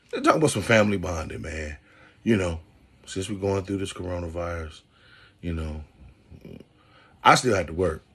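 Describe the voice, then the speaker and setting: A man in his thirties hosting a casual podcast monologue, animated and preacherly, talking straight to his listeners. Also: low-pitched, husky. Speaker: podcast host.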